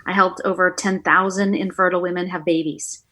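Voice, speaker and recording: A middle-aged woman, a guest on an interview show, telling her story with lively energy and acting out the dialogue. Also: fairly low pitch, fairly quick. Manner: animated storyteller, acts out quoted dialogue. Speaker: guest, author and former acupuncturist.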